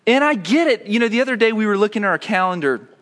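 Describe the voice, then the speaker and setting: Animated storytelling male pastor. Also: high-pitched, fast. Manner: animated storytelling, self-mocking humor. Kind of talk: sermon with scripture reading and stories.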